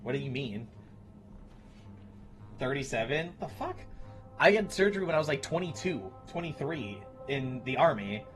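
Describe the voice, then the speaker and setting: A man in his late thirties talks casually from home, blunt and quick to swear as he answers his viewers. His voice sits at an ordinary middle pitch. Music plays clearly behind him. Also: lively intonation, fairly bright tone. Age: 30s. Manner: blunt, profane, talks to chat. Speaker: streamer.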